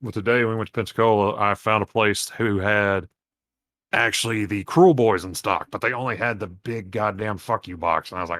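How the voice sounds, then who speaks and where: A young man hosting a casual podcast who rambles in an animated way and swears freely. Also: on the low side, brisk, dry recording, clean studio sound. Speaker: podcast host.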